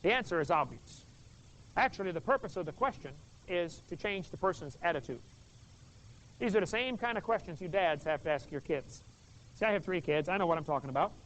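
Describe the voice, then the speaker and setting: Folksy joking man lecturing, high voice. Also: lively intonation, a little fast, fairly bright tone. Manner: folksy, jokey, asks the audience questions. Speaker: creation seminar speaker. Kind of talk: joking Bible lecture to a live audience. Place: stage with a display table. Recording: dull lo-fi video recording.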